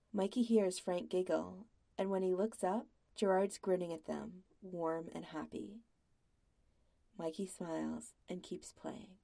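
A woman reading a story aloud in a soft, quiet, intimate way. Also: lowish voice, gravelly. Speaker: podfic reader. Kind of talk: scripted narration of fan fiction.

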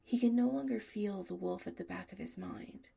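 A woman narrating an audiobook in a soft, often half-whispered delivery. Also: mid-range voice, moderate pace, gravelly, slightly rough.

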